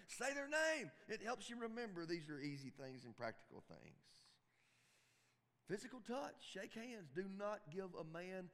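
A man's voice: sits high, big pitch swings, normal speed, fairly bright tone. A man preaching to church volunteers in a folksy, emphatic way, often repeating his phrases. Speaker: pastor. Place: church sanctuary. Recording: long reverb of a church hall.

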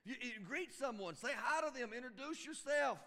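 Man, folksy emphatic sermon, high voice, long church reverb. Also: animated, moderate pace, sharp tone. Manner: folksy Southern preacher, emphatic, repeats phrases. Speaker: pastor. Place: church sanctuary.

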